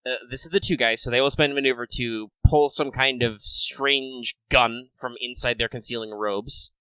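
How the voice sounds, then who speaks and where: A man serving as game master for a tabletop game, patiently walking players through dice and damage rules. His voice is bright and forward, with a mid-range pitch, and the recording sounds dry and close. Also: fairly even intonation, moderate pace, clear, resonant tone, no room sound, poor audio. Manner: explains rules with frequent ums and restarts.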